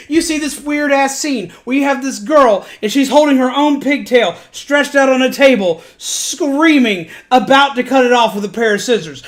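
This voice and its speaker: High-voiced woman streamer, profane storyteller. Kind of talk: casual retelling of an anime plot.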